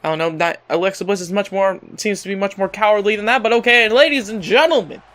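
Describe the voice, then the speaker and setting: High-pitched guy hosting a gaming channel, hyped play-by-play over a wrestling game, keeps going "ladies and gentlemen". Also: quick pace.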